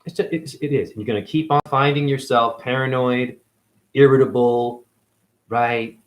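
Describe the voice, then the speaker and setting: A man's voice: medium pitch, fairly even intonation, moderate pace. A man delivering an angry, confrontational monologue as a self-styled spiritual teacher, swearing constantly. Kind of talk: profane ranting monologue.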